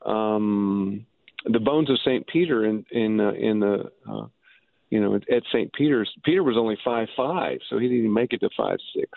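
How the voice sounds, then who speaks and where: A man, an author and Bible scholar, explaining things as an interview guest, halting, with many restarts and fillers. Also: lowish voice, lively intonation, gravelly, no room sound. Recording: dry tinny phone line.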